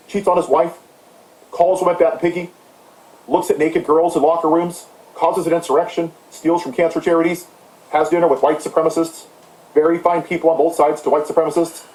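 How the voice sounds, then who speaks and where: Male commentator, high-pitched, mocking and heated, in an echoey room. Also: steady tone, brisk, a little mellow. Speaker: political commentator. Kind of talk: impassioned ranting monologue.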